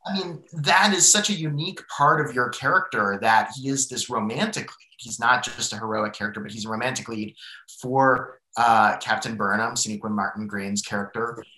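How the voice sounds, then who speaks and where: A man with a bright, forward voice who hosts the conversation, piling on praise and meandering questions. He sounds like he is in an echoey room. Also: medium pitch, moderate pace. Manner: enthusiastic, rambling with fillers. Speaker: interview moderator.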